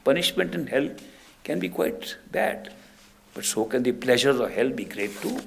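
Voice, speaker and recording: A man giving a spiritual discourse, telling stories in an unhurried way with soft laughs. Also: mid-range voice, sing-song, gravelly. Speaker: spiritual teacher.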